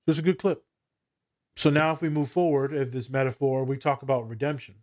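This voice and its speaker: A man's voice: medium pitch, a little fast. Brief: male social worker hosting a podcast, candid and swearing freely, mid-range voice. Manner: candid, profane, animated storytelling. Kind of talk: casual podcast discussion.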